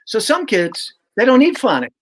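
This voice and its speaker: A man's voice: sits high, wildly swooping pitch, moderate pace. An older man, a reading coach, explaining his teaching method in an emphatic, conversational way, sounding out syllables aloud as he goes.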